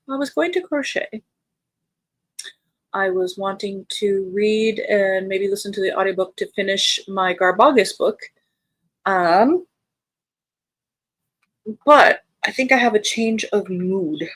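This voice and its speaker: This woman has a mid-range, expressive voice and takes her time, pausing often, on a dry recording. She's the American host of a live reading sprint stream, casually chatting and reading viewer comments aloud with cheerful, friendly lifts.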